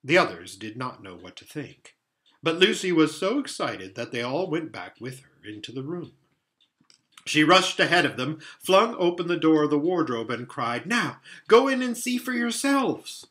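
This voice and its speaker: A man reading a children's novel aloud, expressive and animated as narrator. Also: a little high, moderate pace. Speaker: storybook reader. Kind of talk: storybook read-aloud.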